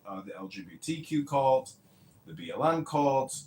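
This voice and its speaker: A man's voice: medium pitch, sing-song, normal speed, darkish tone. A man ranting casually as a podcast host, rambling, profane and mocking. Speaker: podcast host and mayoral candidate. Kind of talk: casual rant. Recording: echoey room with faint ambient noise.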